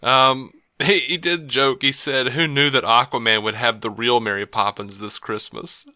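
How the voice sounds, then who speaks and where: Male podcast co-host, very bright voice, dry close sound, chatty news-and-asides delivery. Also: medium pitch, steady tone, moderate pace, dry recording. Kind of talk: casual chat.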